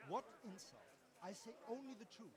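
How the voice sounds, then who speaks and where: An actor playing a stubborn German villager who lectures others with haughty confidence. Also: male voice, high-pitched, big pitch swings, fairly quick, a crowd in the background. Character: stubborn German villager defending a rival king.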